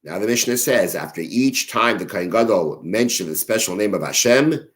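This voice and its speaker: A very deep-voiced man leads a daily Mishnah study. He reads each Hebrew phrase aloud, then translates and explains it. He often stops mid-sentence to rephrase. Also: expressive, moderate pace, low-quality recording. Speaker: teacher of a daily Mishnah class. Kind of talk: religious text study lesson.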